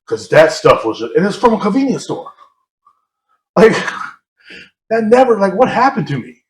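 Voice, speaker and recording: A man's voice: high-pitched, sing-song, measured pace. Rambling, laughing young man in echoey room. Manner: rambling, self-mocking, laughs often. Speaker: podcast co-host. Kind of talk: casual storytelling chat. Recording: roomy echo.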